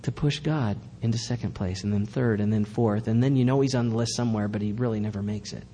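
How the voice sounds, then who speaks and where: A man's voice: on the low side, fast, warm tone, big-room sound, slight background noise. A male pastor giving a sermon in a church, preaching earnestly with emphatic repetition.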